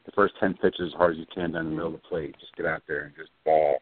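A man's voice: a bass voice, steady tone, fast talker, dry recording. A man co-hosting a casual sports talk show who speaks bluntly and uses slang. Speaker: podcast co-host. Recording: tinny phone-line sound, dry.

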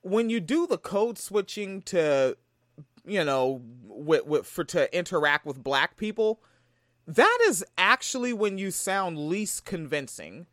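A man's voice: high voice, big pitch swings, takes it slowly, a bit bright, no echo, clean studio sound. A man from Tacoma giving a profane, heated reaction commentary. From Tacoma, Washington. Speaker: video commentator.

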